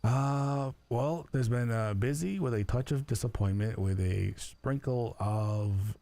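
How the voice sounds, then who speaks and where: A man chatting in character during an online roleplay stream, rambling and halting with lots of fillers. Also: mid-range voice, vocal fry, mellow.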